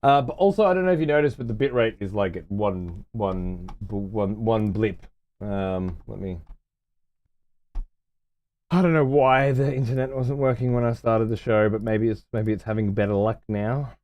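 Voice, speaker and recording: Lowish and slightly mellow, the host's voice moves at a moderate pace in a dry recording. He streams from his room at home, bantering casually with his audience in a sarcastic, foul-mouthed way.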